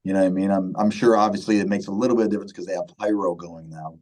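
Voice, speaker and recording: Brief: a laid-back male musician in his thirties, very deep and warm voice, rambling casual interview chat. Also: fairly even intonation, very fast, poor audio. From Michigan, USA. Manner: laid-back, many fillers and repeats, says "man" often. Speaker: band vocalist, guest.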